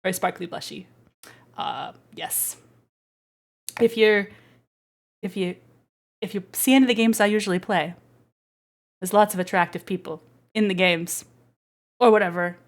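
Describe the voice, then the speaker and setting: A woman's voice: medium pitch, steady tone, moderate pace, pauses often. A woman VTuber chatting casually on a livestream, giggly and rambling, playful. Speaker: VTuber streamer. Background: faint background music.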